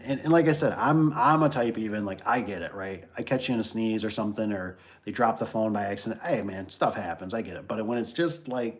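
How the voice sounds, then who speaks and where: A man who runs a garage door business, hosting a casual livestream, rambling through stories with lots of fillers and restarts and reading viewer comments aloud. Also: on the low side. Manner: reads viewer comments aloud and riffs on them. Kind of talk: casual livestream chat and storytelling.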